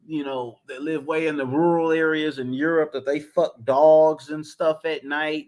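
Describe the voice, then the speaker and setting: High-voiced man ranting in slang. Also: normal speed, hardly any pauses. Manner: profane, repetitive, exasperated. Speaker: commentary vlogger. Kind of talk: casual rant.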